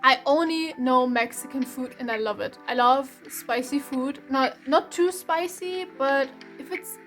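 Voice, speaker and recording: A woman's voice: high-pitched, a little slow, a bit bright, faint music behind. A young woman from Germany with a German accent, giving a casual, rambling tarot reading with frequent restarts and light laughs. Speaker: tarot reader.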